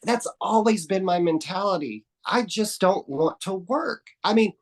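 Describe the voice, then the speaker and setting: A man's voice: high voice, expressive, measured pace. A man from Texas, a podcast guest in a casual conversation who tells meandering stories with frequent restarts and casual swearing. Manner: rambling storyteller, restarts and trails off often.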